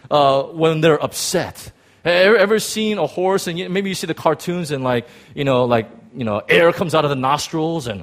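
Animated preacher, swinging loud to soft. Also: male voice, on the high side, brisk. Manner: animated, rambling, self-deprecating humor. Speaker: pastor. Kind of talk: sermon.

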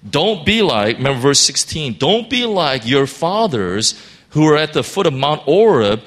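A man's voice: a little high, sing-song, moderate pace, fairly bright tone. A man giving an informal Bible teaching, earnest, reading scripture aloud and often restarting his sentences. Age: adult parent of a school-age child.

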